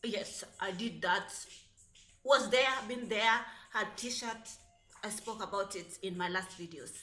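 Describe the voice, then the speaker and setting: A woman talking in a casual, chatty vlog, sassy and animated, full of fillers, English not her first language, filming herself with a phone. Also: mid-range voice, slow. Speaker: vlogger. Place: apartment in the United Arab Emirates. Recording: echoey room, faint music.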